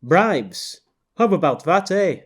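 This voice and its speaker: A folksy Canadian onlooker, complacent and nosy, drawling his words as a male audiobook narrator puts him on. He talks in a raised, brighter voice than an everyday speaker. The delivery is casual and a bit self-satisfied. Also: high voice, sing-song, takes it slowly, pitched above the performer's own voice, full character voice. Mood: smug. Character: complacent middle-aged Canadian man, nosy. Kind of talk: audiobook character voice.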